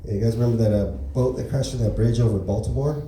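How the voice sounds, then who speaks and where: A man doing a rambling, deadpan stand-up set at an open mic, full of fillers. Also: medium pitch, fast talker, a little hiss or hum. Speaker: stand-up comedian. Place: comedy club open mic. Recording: echoey room from far off.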